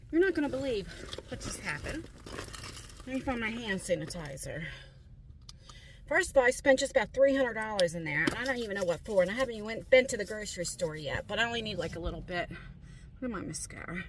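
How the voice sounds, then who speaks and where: A woman's voice: mid-range voice, lively intonation, fast talker, a little hiss or hum, low-quality recording. Chatty middle-aged woman vlogging. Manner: chatty, rambling, confiding, many fillers. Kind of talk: casual vlog chat to camera. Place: car, then store aisles.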